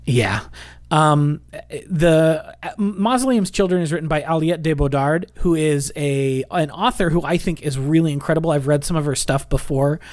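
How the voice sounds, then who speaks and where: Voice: medium pitch, moderate pace, darkish tone. A co-host on a casual book-discussion podcast, enthusiastic and full of fillers. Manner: enthusiastic, filler-heavy reviewer.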